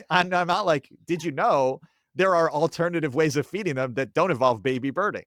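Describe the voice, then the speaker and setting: Casting: man, 30s, casual comic chat, animated, dry close-miked sound. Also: a little high, moderate pace, no room sound. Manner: animated, acts out quoted voices. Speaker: podcast guest, comedian.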